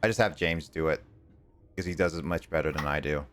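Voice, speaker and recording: A man's voice: extremely low pitch, fairly quick, background noise. A male streamer chatting casually while playing a game, rambling with plenty of fillers. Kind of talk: casual chat while gaming.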